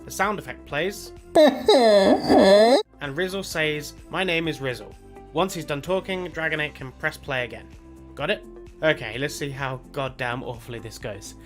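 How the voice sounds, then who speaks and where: In a played-back recording with music underneath, a man speaking at normal speed in a voice on the high side delivers cheeky, profane instructions. He is the show's resident videographer, heard in a pre-recorded message.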